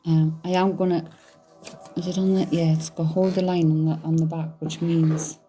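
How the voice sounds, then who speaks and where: A woman's voice: sits low, flat delivery, normal speed, warm tone, husky, soft background music. A woman doing a psychic reading, thinking aloud in a hesitant, searching way. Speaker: psychic medium. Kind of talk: live medium reading.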